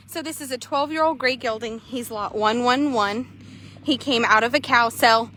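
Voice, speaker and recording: A young woman horse trader chatting casually outdoors at an arena, quick and loose, swearing now and then. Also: a little high, pushed and bright, slight background noise. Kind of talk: casual narration while riding.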